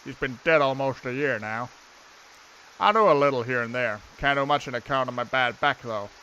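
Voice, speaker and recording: A man's voice: medium pitch, brisk, pushed and bright, highs cut off, slight background noise. A man voicing an aging male groundskeeper with a bad back, respectful and dry.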